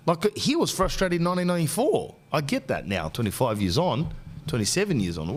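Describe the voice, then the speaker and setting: Animated man telling stories. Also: on the high side, brisk, husky. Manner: ranting, animated anecdotes with slang. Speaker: podcast host. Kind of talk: comic storytelling.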